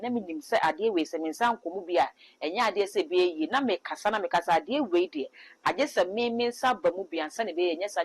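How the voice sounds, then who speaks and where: Ghanaian woman interviewer, husky, low-pitched, brisk. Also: no echo. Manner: brisk questioning with short acknowledgements.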